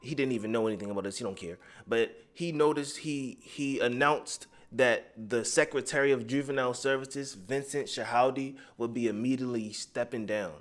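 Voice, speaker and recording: A man's voice: mid-range voice, moderate pace, few pauses. Fired-up man ranting. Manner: rambling, profane, keeps straying off script. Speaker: commentary vlogger. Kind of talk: heated street commentary.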